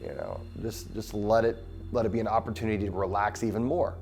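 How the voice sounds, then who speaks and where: A man hosting a show, leading a guided breathing exercise in a slow, soothing, encouraging way. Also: lowish voice, steady tone, vocal fry, a little mellow, soft background music. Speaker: breathwork host.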